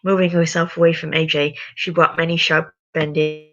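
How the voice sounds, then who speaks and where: A tired young woman on a casual livestream, chatting hesitantly between stretches of reading aloud. Her voice is low and gravelly but bright in tone. The recording is dull and lo-fi. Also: flat delivery, normal speed. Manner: chatty, hesitant, self-correcting. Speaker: livestream host reading a story. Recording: dull lo-fi sound.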